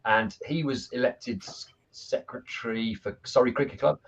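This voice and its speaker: A man's voice: mid-range voice, moderate pace, breathy edge, muffled recording. A man, a football coach, telling stories in a casual video chat. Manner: animated storyteller, laughs at his own anecdotes.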